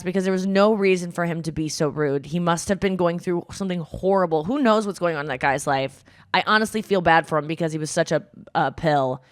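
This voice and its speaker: Animated woman telling a story. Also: on the low side, dry recording, studio quality. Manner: animated storytelling, quick acted-out quotes. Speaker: podcast host. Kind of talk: casual chat.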